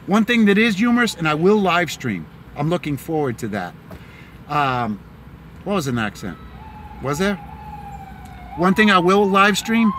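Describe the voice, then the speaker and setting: A man's voice: a little high, pushed and bright, slight background noise. A middle-aged man with a mixed Boston and Tennessee accent, rambling chattily with many fillers on a casual live stream while driving in a car. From Massachusetts, Boston area. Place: inside a car in the city.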